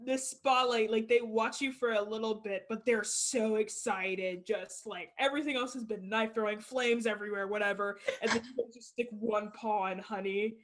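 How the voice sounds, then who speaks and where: A woman's voice: a little high, fairly even intonation, moderate pace, few pauses. A woman narrating as game master of a tabletop role-play, casual with many fillers.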